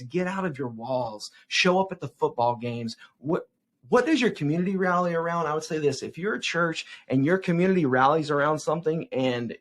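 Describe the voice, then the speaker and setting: A man in his forties with a mid-range voice, working as a youth evangelist, answers interview questions. He tells stories with animation and keeps checking in with "right?"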